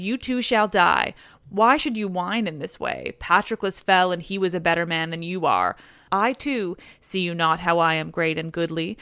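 A woman's voice: lowish voice, vocal fry, fairly bright tone, clear, resonant tone, dry recording. A woman reading the lines of a proud, wrathful male warrior hero from an ancient epic, in a stern and scornful tone.

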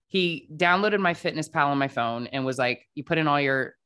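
A woman's voice: low-pitched, moderate pace, pushed and bright, clean tone. A woman guest on a podcast, chatting casually and telling her own story, filling her speech with "like" and acting out quoted dialogue. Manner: chatty, frequent "like" fillers, acts out quoted dialogue.

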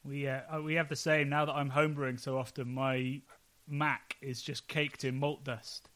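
Brief: male podcast host, bright forceful tone, chatty and self-deprecating. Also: mid-range voice, flat delivery, normal speed. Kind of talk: casual podcast chat.

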